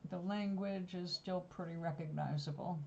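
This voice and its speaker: A woman talks in a loose, wandering way, drifting from one story to the next. Her voice is mellow and soft-edged. The recording sounds a little dull and lo-fi. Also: fairly low pitch, steady tone, moderate pace, vocal fry, a little hiss or hum. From New York. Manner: rambling, digressive storytelling. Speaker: vlogger. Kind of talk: casual chat.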